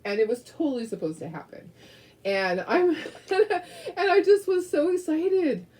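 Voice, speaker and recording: A woman's voice: high-pitched, lively intonation, a little slow, darkish tone. A woman hosting a craft video, chatting casually and telling stories while she paints, rambling a little and laughing often. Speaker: craft show host.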